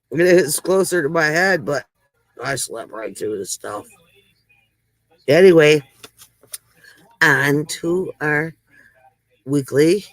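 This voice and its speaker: A woman with a low-pitched voice hosts a casual livestream, chatting with viewers, greeting them by name and telling corny jokes. The audio is poor, with no room sound.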